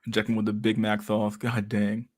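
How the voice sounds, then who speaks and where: A man's voice: fairly low pitch, completely flat delivery, a little slow, darkish tone. A man giving casual, rambling livestream commentary on pictures, swearing constantly and laughing often. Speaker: streamer reacting to pictures.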